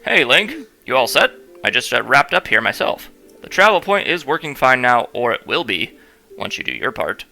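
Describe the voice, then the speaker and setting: Figure: perky young woman scientist in a video game, put on by a man. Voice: raised, gravelly, bright. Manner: chirpy, bossy instructions. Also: medium pitch, very animated, normal speed, soft background music, exaggerated voice. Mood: chipper.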